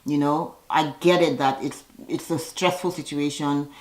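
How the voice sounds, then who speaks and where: A woman chatting casually as she recaps a reality TV episode, sassy and full of quick asides. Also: deep voice, steady tone, reverberant, poor audio.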